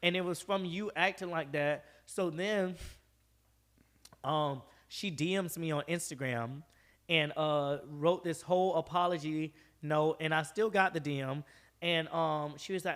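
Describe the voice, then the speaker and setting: A young man from Georgia, a podcast guest, telling a story casually in animated, profane talk and acting out the people he quotes. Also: a little high, measured pace.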